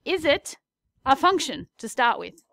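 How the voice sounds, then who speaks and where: Playful high-voiced maths teacher. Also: female voice, big pitch swings, a little slow, creaky, a bit bright, no room sound, clean studio sound. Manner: playful, chatty, jokey asides. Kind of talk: recorded maths lesson.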